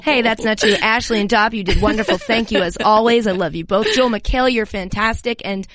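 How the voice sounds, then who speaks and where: A woman's voice: medium pitch, brisk, crowd noise. A woman hosting a sports podcast, chatting in a giggly, self-mocking, rambling way. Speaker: podcast host. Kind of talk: casual podcast chat.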